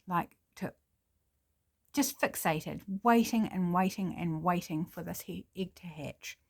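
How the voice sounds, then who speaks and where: A woman's voice: medium pitch, darkish tone. Chatty New Zealand woman telling a story. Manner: chatty, with fillers and self-corrections. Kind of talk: casual improvised storytelling.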